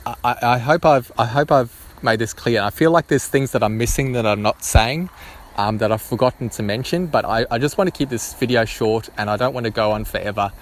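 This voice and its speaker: A man's voice: medium pitch, brisk. Hesitant man musing to camera. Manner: hesitant, many restarts and ums. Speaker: vlogger.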